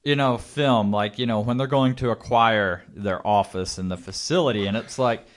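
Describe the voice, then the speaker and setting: A man's voice: lowish voice, moderate pace. A man in casual movie chat who makes wry asides and reminisces with lots of fillers.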